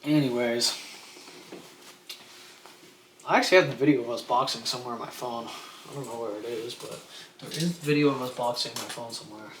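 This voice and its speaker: A man's voice: medium pitch, steady tone, fast, fairly bright tone. A young man casually telling a rambling story on a livestream, swearing freely and acting out what people said. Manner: rambling, laid-back, swears freely, acts out quotes. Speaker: streamer. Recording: echoey room with faint ambient noise.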